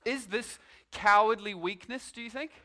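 A man's voice: sits high, normal speed, sharp tone. A man preaching a sermon, telling it as a story with dramatic rhetorical questions. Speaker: pastor.

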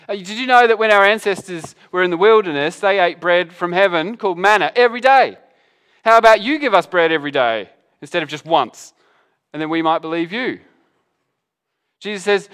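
A man preaching a sermon, animated and conversational, acting out both sides of a Bible passage in quick voices. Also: high voice, smooth. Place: church hall with an audience.

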